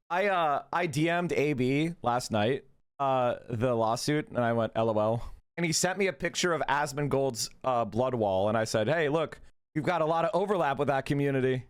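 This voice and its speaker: A man with a medium-pitched, smooth, animated voice speaks at a normal speed while hosting a casual political livestream. He reads chat aloud, mocking it and swearing as he reacts.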